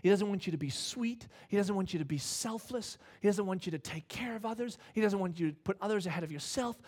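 Animated high-voiced male preacher. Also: fast talker. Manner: animated, acts out voices in his stories. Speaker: pastor. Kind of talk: sermon storytelling.

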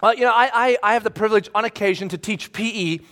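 A married man preaching a sermon as a pastor, animated and emphatic, acting out scenes with sudden shouts. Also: high-pitched, fast. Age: adult, married with children.

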